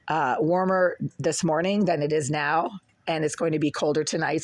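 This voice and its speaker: Hoarse vlogger with a mid-pitched, dry voice, complaining and rambling. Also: no room sound. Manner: aggrieved, rambling, with throat-clearing. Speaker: tenant making a complaint video. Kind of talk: casual vlog report. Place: cold apartment indoors, bundled under a blanket.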